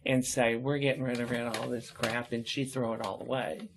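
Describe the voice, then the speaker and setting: Man, interview guest, casual storytelling, chatty, laughs often, middle pitch. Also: level tone, a little fast, gravelly, background noise. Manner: chatty, laughs often while telling stories.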